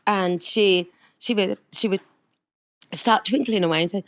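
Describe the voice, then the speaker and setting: Lively woman telling stories. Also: medium pitch, measured pace. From England. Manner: animated, laughs often, acts out voices. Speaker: singer, guest. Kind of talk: interview storytelling.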